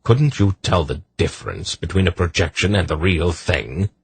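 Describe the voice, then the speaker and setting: A man voicing a stern old male sorcerer in an audiobook, firm and measured. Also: sits low, expressive, gravelly, breathy edge, no room sound, exaggerated voice.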